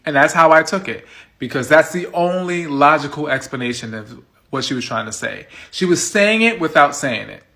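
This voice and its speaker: A man from the United States casually telling a personal story for his video, animated and indignant, with some swearing. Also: fairly high pitch, moderate pace. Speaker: storytime vlogger.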